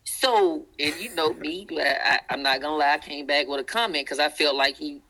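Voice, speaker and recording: Man, Southern accent, bright voice, animated storyteller, interview guest, mimics quoted people. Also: on the high side, normal speed, poor audio.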